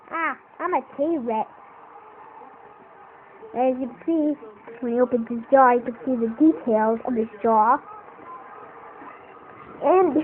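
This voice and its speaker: A woman talking casually and playfully, poking fun at herself while showing a homemade puppet. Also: fairly high pitch. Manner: playful, self-mocking. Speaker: puppet maker. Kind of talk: casual homemade craft video. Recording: tinny phone-like audio, faint noise.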